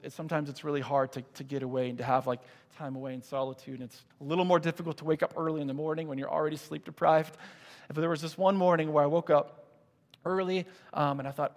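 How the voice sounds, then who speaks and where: Earnest man preaching in a reverberant hall. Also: fairly high pitch. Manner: earnest, conversational storytelling with many restarts. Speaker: pastor. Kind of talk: sermon.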